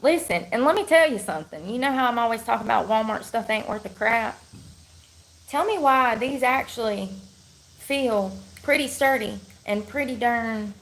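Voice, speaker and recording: Blunt rambling woman with gravelly voice. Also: a little high, moderate pace, fairly bright tone. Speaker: livestreamer chatting with viewers. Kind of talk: casual livestream chat.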